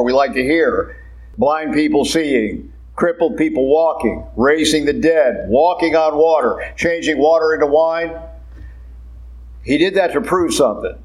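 A man, a priest, preaching a sermon in a church in an emphatic, conversational way, slowing down and speeding up. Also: fairly high pitch, rough recording.

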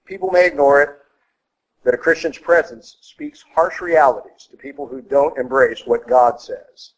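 A middle-aged male priest preaching a sermon in a blunt, folksy way, with sudden jumps up in pitch for emphasis. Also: moderate pace, low-quality recording.

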